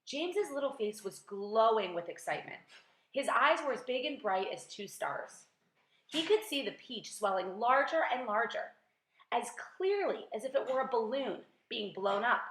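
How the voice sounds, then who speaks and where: A woman's voice: fairly high pitch, moderate pace. Woman teacher reading a storybook aloud. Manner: lively, expressive storytelling. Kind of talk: reading a children's book aloud. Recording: roomy echo.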